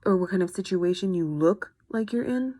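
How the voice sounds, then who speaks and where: A woman's voice: lowish voice, moderate pace, warm tone, no echo. A young woman giving an earnest, frustrated personal video update to her followers. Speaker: vlogger.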